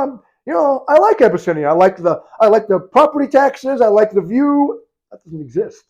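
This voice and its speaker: A man preaching in a storytelling sermon, acting out the people in the story and swinging from loud to hushed. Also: high voice, husky, highs cut off. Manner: animated, acts out quoted voices, swings from loud to hushed.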